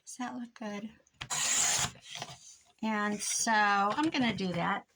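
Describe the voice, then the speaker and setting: A woman's voice: medium pitch, takes it slowly, background noise. A middle-aged woman with a Midwestern American accent, chatting casually to her viewers while she crafts in her craft room, rambling and laughing often. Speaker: crafting vlogger.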